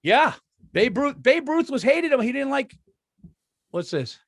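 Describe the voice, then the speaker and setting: A middle-aged man tells animated stories in casual podcast chat and acts out the people he quotes. His voice is fairly high for a man. The sound is close and dry. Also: a little slow, gravelly, dry recording. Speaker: podcast co-host.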